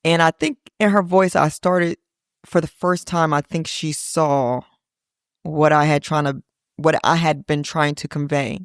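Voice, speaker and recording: A woman's voice: sits low, steady tone, measured pace, no room sound, studio quality. A middle-aged woman hosting a podcast, reflectively telling a personal story and quoting her family in little voices. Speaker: podcast host.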